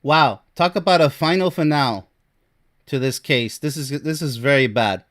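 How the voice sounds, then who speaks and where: A man's voice: medium pitch, normal speed, fairly bright tone. A man working as a relationship coach, giving emphatic advice on a reader's letter, firing rhetorical questions and laughing in disbelief.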